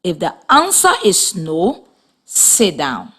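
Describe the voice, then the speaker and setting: A woman teacher giving a reading lesson for young children, speaking slowly and clearly with encouraging classroom delivery and a Liberian accent. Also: on the low side, huge pitch swings, fairly bright tone.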